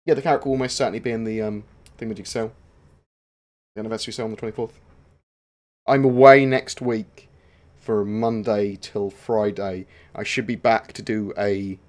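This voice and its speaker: This gaming channel host, a man, answers viewers' questions during a livestream in a loose, meandering style packed with filler noises. His pitch is on the low side and his pace is brisk.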